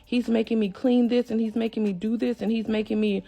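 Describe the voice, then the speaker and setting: A woman's voice: a little high, fairly even intonation, a little fast, dark tone, pitched above the performer's own voice. A woman voicing her upset teenage daughter, who complains about being made to do chores. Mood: complaining.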